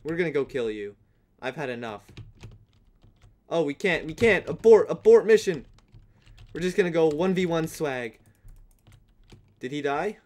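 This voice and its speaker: A young man commenting on his own Minecraft game, swinging from hushed mutters to loud, excited yelling. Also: on the high side, measured pace, long pauses. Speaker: gaming channel host.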